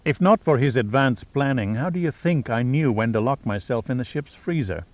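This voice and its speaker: An icy, scheming rich sister who talks with calm, mocking composure, read by a man in his own low-key voice. The recording is dry and a little dull, like lo-fi audio. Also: moderate pace, no room sound, natural voice. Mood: cold. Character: wealthy cold scheming woman, adult sister.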